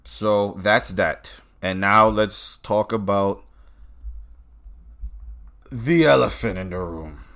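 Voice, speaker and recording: A man's voice: lowish voice, slow, long pauses, fairly bright tone. A man hosting his own show, ranting bluntly and swearing constantly, recorded in a car. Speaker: podcast host. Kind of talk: profane ranting commentary.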